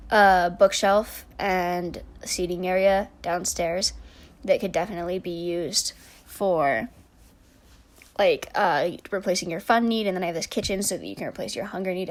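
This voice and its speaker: A woman in her twenties giving a chatty, rambling voice-over while building in a game, full of restarts and soft trailing asides. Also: fairly low pitch, moderate pace. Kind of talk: casual voice-over commentary.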